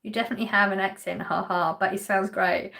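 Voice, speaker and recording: A woman's voice: mid-range voice, steady tone, quick pace, gravelly, pushed and bright. A woman from Essex with an Essex English accent, hosting a live stream and chatting casually as she reads out and answers viewer comments. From England. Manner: chatty, lightly laughing, answers chat questions directly.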